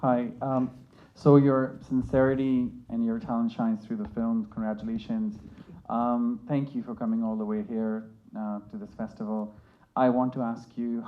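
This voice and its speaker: A man's voice: medium pitch, fairly even intonation, normal speed, phone-quality sound. A man in the audience at a film Q&A, asking a question politely and a little hesitantly. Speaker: audience member.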